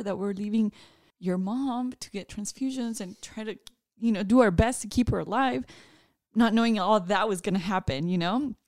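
A supportive woman co-hosting a podcast, often speaking softly and breathily. Her mid-pitched voice is recorded dry and close, with no room sound. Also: no echo. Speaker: podcast co-host. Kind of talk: casual chat on a couple's podcast.

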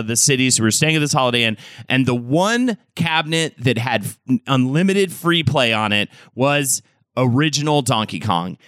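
A man co-hosting a podcast, chatting casually in an animated, rambling, joking way into a close mic. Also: mid-range voice, clean tone, no room sound. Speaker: podcast co-host. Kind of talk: casual comedic chat.

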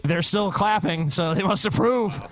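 A man's voice: high-pitched, normal speed, over a noisy crowd, very noisy. A man co-hosting a podcast in casual, crude chat, mocking clips with sarcastic jokes and put-on quotes. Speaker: podcast co-host.

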